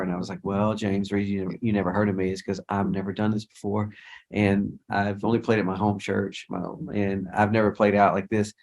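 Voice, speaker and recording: A low-pitched middle-aged man tells a long story in a relaxed interview. He rambles, restarts his sentences, and slips into quoted speech as he goes. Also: brisk. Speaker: interview guest, worship leader.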